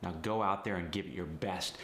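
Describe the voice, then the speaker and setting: A man's voice: sits low, brisk, fairly bright tone, a little hiss or hum. A man coaching accents in an upbeat, teasing teaching manner. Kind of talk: instructional video. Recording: roomy echo.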